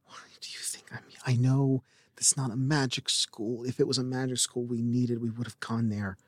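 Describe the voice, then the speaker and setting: A man playing a humble young man who speaks quietly and deferentially. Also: medium pitch, flat delivery, moderate pace, no echo, close to an everyday voice. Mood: earnest.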